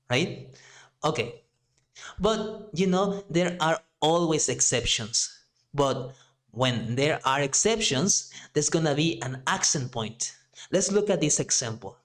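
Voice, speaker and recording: A man with a Mexican Spanish accent gives a Spanish lesson in English. He talks slowly and deliberately, stretching out each example word, in a voice a little higher than most men's. His delivery is patient and methodical. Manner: slow and deliberate, drawing out example words. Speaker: Spanish teacher. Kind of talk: language lesson.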